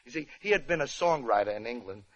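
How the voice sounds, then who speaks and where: A man's voice: mid-range voice, animated, fast talker, highs cut off. A male comedian narrating a parody story, with chatty wisecracking asides, on an old radio recording.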